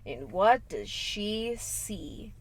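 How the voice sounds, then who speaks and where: A woman's voice: mid-range voice, sing-song, very slow, husky. Sassy young woman recapping a movie. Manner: sassy, swears, acts out characters in slangy voices. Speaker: podcast co-host. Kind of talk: casual horror movie recap.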